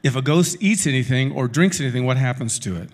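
A middle-aged male pastor preaching a sermon in an animated, conversational way, with asides to the congregation. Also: medium pitch, fast.

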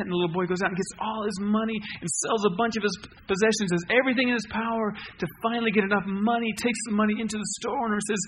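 A man preaching a sermon in an emphatic way, rising to loud peaks then dropping quiet. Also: high-pitched, lively intonation, fast talker, slight background noise.

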